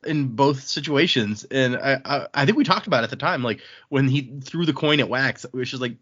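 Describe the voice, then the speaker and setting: A man's voice: medium pitch, animated, brisk, few pauses, a bit bright. A man with a mid-range voice, recapping a book on a podcast in an easygoing way. He acts out quoted lines here and there. The recording is a little muffled. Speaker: podcast co-host. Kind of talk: casual book-club chat. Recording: muffled home mic.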